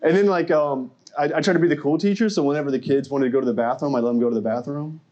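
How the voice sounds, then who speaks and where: A man's voice: a little high, racing, a little mellow, dull audio. A young man from Arkansas doing a stand-up comedy set, chatty and self-mocking, talking straight to the crowd. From Arkansas, USA. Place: comedy club stage.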